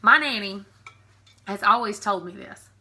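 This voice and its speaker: A woman's voice: medium pitch, animated, measured pace, bright, forceful tone, husky. A woman in her thirties with a Southern American accent, chatting casually and giggling through an accent tag video. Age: 30s. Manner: chatty, giggly, frequent ums. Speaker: vlogger.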